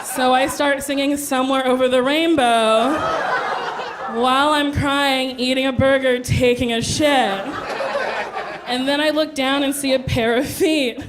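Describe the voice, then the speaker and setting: High-voiced woman doing stand-up. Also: fairly even intonation, measured pace, music in the background. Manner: brash, laughing storytelling, acts out voices. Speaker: stand-up comedian. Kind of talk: stand-up comedy set. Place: comedy club stage before a live audience. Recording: live show with loud crowd laughter.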